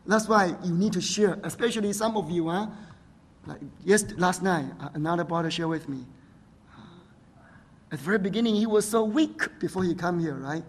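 High-voiced husky man preaching. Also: moderate pace. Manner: frequent "right?" and "huh?" tag questions, non-native phrasing. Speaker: pastor. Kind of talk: sermon.

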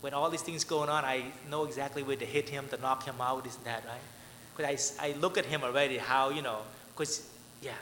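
A man's voice: medium pitch, steady tone, brisk, bright, forceful tone. Man preaching in an echoey hall. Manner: conversational, repeatedly asks "right?", laughs often. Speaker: pastor. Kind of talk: sermon with storytelling. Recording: echoey hall with long reverb.

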